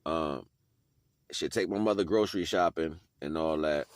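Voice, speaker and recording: A man's voice: rumbling low, normal speed, no room sound. Easygoing man with slangy, dry-sounding talk. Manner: street slang, keeps asking "you know what I'm saying"; laughs often while talking. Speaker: video blogger. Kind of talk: casual motivational monologue.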